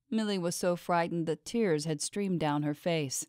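Audiobook narrator, woman, lower voice, steady and even, dry close-mic read. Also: a little slow, few pauses, no room sound.

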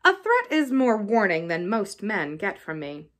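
A woman's voice: medium pitch, a little slow. A woman voicing a cold, scheming middle-aged duke who speaks evenly and with menace. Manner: even, calm, menacing.

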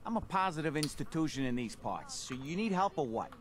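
A man's voice: expressive, a little fast, lightly acted. A man playing a brash wasteland street doctor. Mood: hustling. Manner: sales-pitch bluster. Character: pushy boastful male wasteland street doctor. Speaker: game character.

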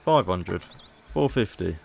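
A man's voice: deep voice, lively intonation, takes it slowly, gravelly, a little hiss or hum. A man casually commentating gameplay as a YouTuber, chatty and playful. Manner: chatty, playful, haggling asides. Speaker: gaming YouTuber.

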